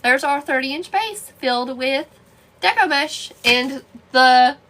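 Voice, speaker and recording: A woman with a high, lively voice crafts wreaths and decor while hosting a live stream. Speaking at a measured pace, she chats casually and answers viewer comments by name as she works.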